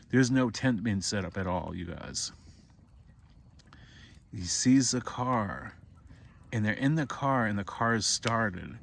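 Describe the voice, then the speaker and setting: A man, a parent, telling a made-up horror story outdoors by a campfire, rambling with many restarts. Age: adult parent. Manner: rambling, repeats and restarts, rises to high cries for the boy's voice.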